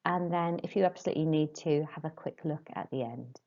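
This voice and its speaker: A woman teacher giving brisk, friendly instructions in a recorded language lesson. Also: low-pitched. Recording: dull lo-fi audio.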